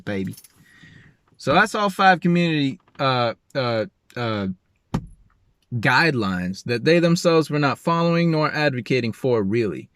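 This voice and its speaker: A man's voice: mid-range voice, normal speed. Emotional young man telling a story. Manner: emotional, animated, slangy and informal. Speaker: vlogger telling a personal story. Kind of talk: casual storytelling.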